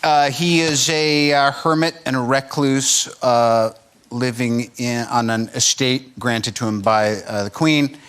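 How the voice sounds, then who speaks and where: A man's voice: mid-range voice, steady tone, slow pace, a bit bright, smooth. Wry rambling man. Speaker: guest actor. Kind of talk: talk show anecdote.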